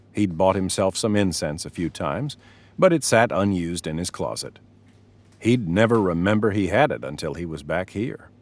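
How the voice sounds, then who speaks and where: A man reading scripted narration for a story with expressive delivery. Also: lowish voice, slight background noise.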